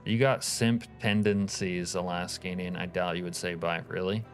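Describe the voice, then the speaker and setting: A man's voice: sits low, level tone, normal speed, faint music behind. A man live-streaming a game, chatting casually, reading viewer comments aloud and swearing offhand. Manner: laid-back, profane, reads chat aloud.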